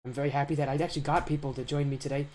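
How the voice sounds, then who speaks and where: A man's voice: a little high, little pitch movement, racing, darkish tone. Upbeat joking man casting esports. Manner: upbeat, joking, self-mocking. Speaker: esports caster and host. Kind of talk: live game commentary on a stream.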